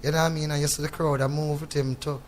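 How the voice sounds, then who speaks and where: A Jamaican man talks in thick patois in a radio studio, sounding reflective and a little preachy. His voice sits somewhat high for a man. He keeps pulling the listener in with "you know what I mean". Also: little pitch movement, fast talker, slight background noise. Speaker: guest reggae artist.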